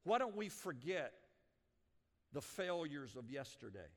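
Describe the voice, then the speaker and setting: A man's voice: on the high side, very animated, measured pace, in a large hall. A man preaching a sermon as a pastor, talking emphatically with frequent restarts and building in volume.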